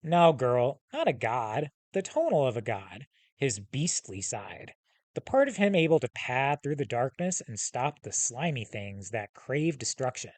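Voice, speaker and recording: A man voicing a huge, scarred male hellhound with a calm, commanding manner and measured, formal speech. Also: mid-range voice, no room sound. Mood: formal, assured. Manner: measured, formal speech with slow, stressed titles.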